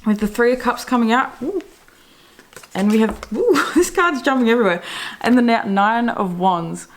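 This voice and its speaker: A woman's voice: fairly high pitch, expressive, normal speed, a little hiss or hum. Chatty, swearing young woman tarot reader. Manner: rambling and chatty, swears casually; laughs often and self-corrects mid-word. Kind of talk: casual daily horoscope reading.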